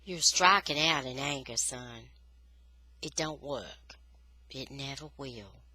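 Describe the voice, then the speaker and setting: A woman reading aloud, voicing a weary, gentle father who speaks in a soft, low, measured way. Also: full character voice. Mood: quiet, weary.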